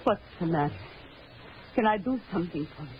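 A woman's voice: on the low side, expressive, fairly quick, close to an everyday voice. Casting: actress as a doting, worried mother in an old radio drama; fretful and sing-song. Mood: anxious. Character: fussing, anxious middle-aged mother. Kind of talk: 1940s radio acting. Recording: muffled old radio recording, faint hiss.

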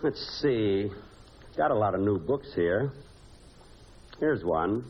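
Brief: deadpan man narrating old radio comedy, lively pitch swings, hissy dull recording. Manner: dry, deadpan delivery with pauses for laughs. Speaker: comedy show host and narrator.

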